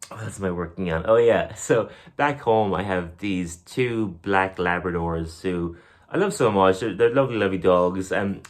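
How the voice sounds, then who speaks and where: A young man, a comedian, rambling casually through his bits and acting them out in silly voices. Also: sits low. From Ireland. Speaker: comedian and podcast host.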